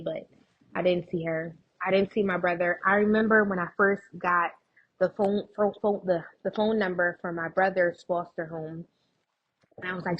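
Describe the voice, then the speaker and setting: A woman's voice: lowish voice, slightly rough, highs cut off. A woman guest in an interview, earnestly recounting personal experiences, restarting her sentences as she goes. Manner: earnest, tells anecdotes with frequent restarts. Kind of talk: emotional personal storytelling in conversation.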